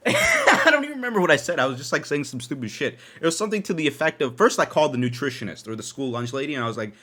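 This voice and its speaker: Animated young man telling a story. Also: on the high side, fast talker. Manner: animated, profane, laughing often. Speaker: podcast host. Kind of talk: casual storytelling. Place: his own dark room at home.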